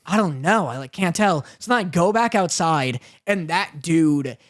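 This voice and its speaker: A man's voice: on the high side, normal speed. A man co-hosting a podcast, telling a story in casual chat, acting out the other people in it and laughing often. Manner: animated, acts out others' voices, laughs often. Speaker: podcast co-host.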